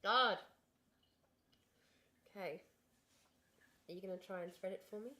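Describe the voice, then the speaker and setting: Livestreaming from home, a young woman chats frankly and casually straight to her viewers through a desk streaming microphone. Her mid-range voice is unhurried, with a sharp tone.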